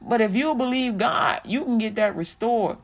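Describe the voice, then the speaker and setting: This is a vlogger in sermon mode, repeating encouragement line after line the way a preacher builds a point. The voice sits at a middle pitch, neither high nor low. The key phrases are drawn out slowly and warmly. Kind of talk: preachy inspirational commentary.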